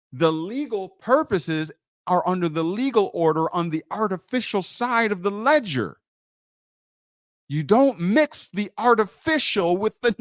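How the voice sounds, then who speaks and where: A man's voice: high voice, no echo, studio quality. A man teaching on a livestream in an emphatic way. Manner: emphatic, muttering while searching his screen.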